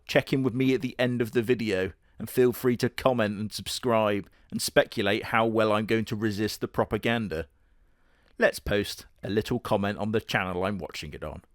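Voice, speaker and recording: A man hosting a comedic reaction video with sarcastic, profane, deadpan jokes. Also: on the low side, dry recording, studio quality.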